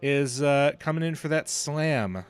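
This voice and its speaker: A man serving as game master, narrating turns in a brisk, matter-of-fact way. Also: fairly high pitch, animated, clean tone. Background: faint music.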